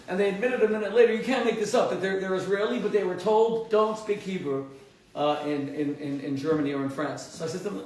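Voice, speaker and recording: A man, a rabbi hosting his own show, telling stories with animated, emphatic delivery and frequent restarts. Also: quick pace, very echoey, recorded from a distance, rough recording. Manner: animated, emphatic, rises sharply in pitch when stressing points, frequent restarts. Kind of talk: impassioned storytelling monologue.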